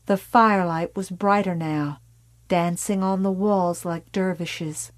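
A woman narrating an audiobook in a measured, dark storytelling manner that drops to a hush. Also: on the low side, fairly even intonation, dry recording.

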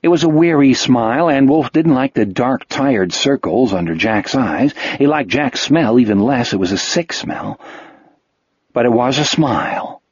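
A man narrates an audiobook in a steady, measured way, his mid-pitched voice slightly husky. The recording is dry, close and a bit dull in the highs. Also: no room sound. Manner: measured storytelling. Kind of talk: scripted narration.

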